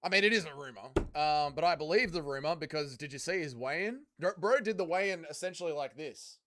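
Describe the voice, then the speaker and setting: A man's voice: fairly high pitch, expressive, fairly quick, background noise. A young Australian man hosting a casual fight watch-along stream, joking, swearing and answering chat. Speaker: livestream host.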